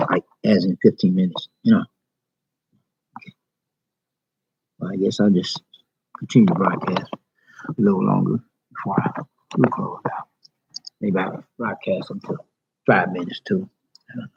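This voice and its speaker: A man's voice: low-pitched, vocal fry, darkish tone, slightly rough. A man in a public library rambling emotionally and confessionally on a livestream to his viewers. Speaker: vlogger. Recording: dull lo-fi livestream audio.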